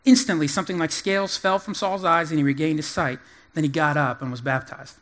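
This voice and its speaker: A high-pitched male pastor preaches with animated emphasis, breaking up scripture with folksy asides. His voice pushes up in pitch and volume when he drives a point home. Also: fairly quick, a little hiss or hum. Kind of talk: sermon.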